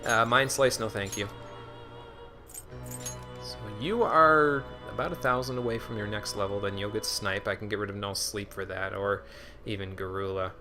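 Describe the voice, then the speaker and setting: A man's voice: fairly low pitch, fairly even intonation, moderate pace, music in the background. A man giving casual live-stream commentary on a game, chatting to viewers in a self-deprecating way. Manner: chatty, answers chat, self-deprecating with restarts.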